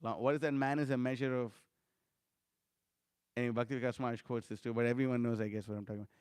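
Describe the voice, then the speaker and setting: A man giving an informal scripture lecture, talking conversationally with frequent fillers and animated storytelling. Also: medium pitch, very fast, clear, resonant tone, no room sound, clean studio sound. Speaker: scripture class speaker.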